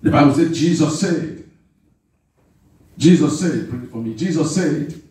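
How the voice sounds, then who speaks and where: A man's voice: a little high, expressive, measured pace, dark tone. A man preaching a sermon, urging call-and-response from the congregation and repeating phrases for emphasis. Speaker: pastor. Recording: echoey hall from far off.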